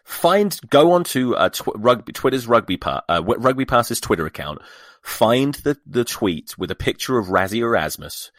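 A man's voice: mid-range voice, very animated, moderate pace, a bit bright, no echo, studio quality. A man hosting a solo podcast, sweary and exasperated, mocking what he reads aloud. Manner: profane, sarcastic, exasperated. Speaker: podcast host.

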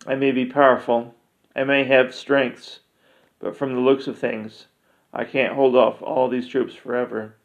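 A man's voice: mid-range voice, little pitch movement, unhurried, lightly acted. A man doing a weary, blunt wizard. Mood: resigned. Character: weary powerful male wizard. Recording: dull lo-fi recording.

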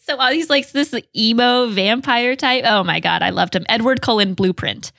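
A woman's voice: fairly high pitch, normal speed, creaky, a bit bright, no echo, studio quality. A woman co-hosting a film podcast, chatting in a bubbly, enthusiastic way and giggling between phrases. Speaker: podcast co-host. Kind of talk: casual chat.

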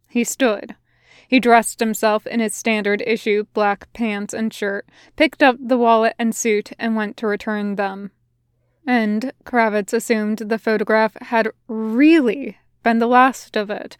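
A woman narrating a piece of fan fiction aloud in an even storytelling manner. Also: on the high side, smooth, dry recording, studio quality. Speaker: podfic reader.

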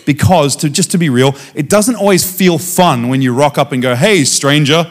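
A man preaching as a guest speaker, telling a personal testimony in a lively storytelling way and acting out the dialogue. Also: fairly high pitch, normal speed, faint music behind. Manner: animated storytelling, acting out dialogue with frequent restarts.

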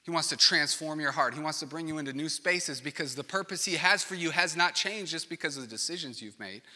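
A man preaching a sermon as pastor, earnest, moving between hushed and passionate delivery. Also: mid-range voice, long reverb tail.

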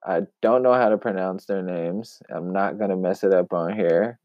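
A man giving casual commentary in an emphatic, wry way, with long pauses, on a dull, dry lo-fi recording. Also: deep voice, no room sound. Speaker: commentary vlogger.

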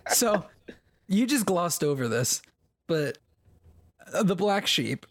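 A man co-hosting a casual podcast, chatty and quick to laugh, with lots of fillers. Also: high-pitched, big pitch swings, no echo, clean studio sound. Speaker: podcast co-host. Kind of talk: casual chat.

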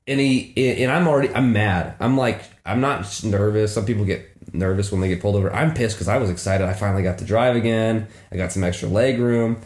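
Guy on a podcast telling a road trip story, gets loud and animated, swears a lot, echoey room. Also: fairly low pitch, brisk, hardly any pauses. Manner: animated, swearing, acts out quotes in raised voice. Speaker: podcast co-host. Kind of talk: casual storytelling chat. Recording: roomy echo.

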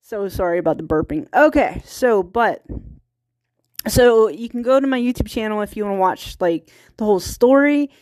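Animated and a little mellow, this mid-range-voiced podcast host talks at a moderate pace with a rural Virginia accent from her small hometown. Her solo show is a casual ramble full of restarts and laughs, recorded dry and clean in a studio.

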